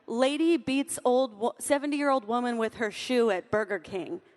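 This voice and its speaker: Young woman, high voice, playful, joking with the audience, stage talk. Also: normal speed, a little mellow, big-room sound. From Southern California. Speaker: conference speaker. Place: large hall on stage.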